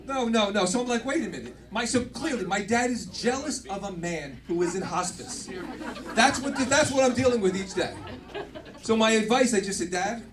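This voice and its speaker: High-voiced rambling stand-up comic. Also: male voice, lively intonation, moderate pace, a crowd in the background. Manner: rambling, self-interrupting punchlines. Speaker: stand-up comedian and host. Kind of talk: stand-up comedy. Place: comedy club stage. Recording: distant mic, loud live audience. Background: audience laughter.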